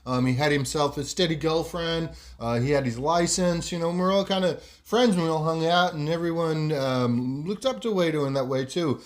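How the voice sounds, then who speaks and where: A man's voice: fairly high pitch, moderate pace, few pauses. A man hosting a podcast, telling a story casually and rambling with lots of fillers. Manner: rambling, many fillers and "you know". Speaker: podcast host.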